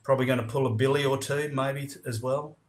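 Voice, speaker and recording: A man's voice: medium pitch, level tone, fast talker. A man with an Australian accent, hosting a podcast and explaining local slang in crude, laid-back casual chat. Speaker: podcast host.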